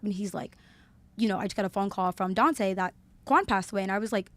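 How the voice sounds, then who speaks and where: A woman's voice: medium pitch, quick pace. A young woman, a podcast guest telling a story in casual chat and acting out the quotes. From Alabama, USA. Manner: chatty storyteller, lots of "like", acts out quotes.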